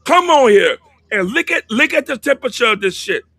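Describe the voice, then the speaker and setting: A man's voice: very high voice, big pitch swings, fairly quick, sharp tone, slightly rough, dry recording. A man calling in to a fan show, indignant, repeating himself and swearing as he argues. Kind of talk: heated fan debate.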